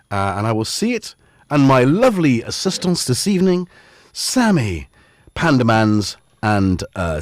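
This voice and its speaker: Man, casual stream chat, playful, animated pitch, dry studio sound. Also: normal speed, no room sound. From Scotland. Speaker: livestream host. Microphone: studio dynamic mic.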